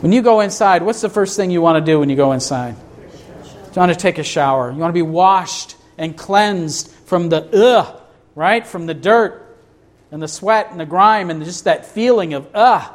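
A man's voice: high-pitched, moderate pace. A man preaching a sermon to a congregation in a church, emphatic, asking rhetorical questions. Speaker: pastor.

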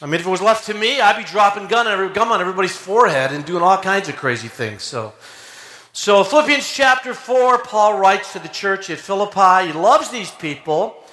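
High-voiced preacher guy, bright and excited, shouting a lot, echoey church. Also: a little fast. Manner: energetic, shouting, animated storytelling with acted quotes. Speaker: pastor. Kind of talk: lively sermon. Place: church sanctuary.

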